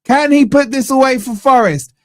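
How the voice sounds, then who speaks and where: A man's voice: very high voice, moderate pace, no echo. A man hosting a fan channel, giving live watch-along commentary on a match from a studio, ranting in exasperation and tagging "man" onto nearly every line.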